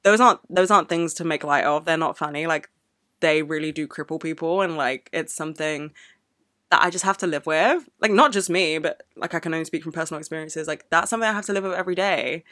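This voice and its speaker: Young female podcast host, blunt and sweary, rambling casual chat, bright forward tone, close dry mic. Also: low voice, fast talker, no echo. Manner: candid, profane, rambling with many "like"s.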